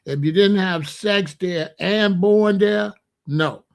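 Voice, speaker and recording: This host has a gravelly, high-pitched voice and takes his time. He rambles through a relaxed monologue, cracking jokes and chuckling at them himself.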